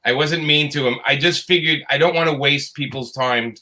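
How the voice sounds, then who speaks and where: Bright-voiced frank male host. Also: fairly high pitch, normal speed. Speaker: podcast host. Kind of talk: casual chat.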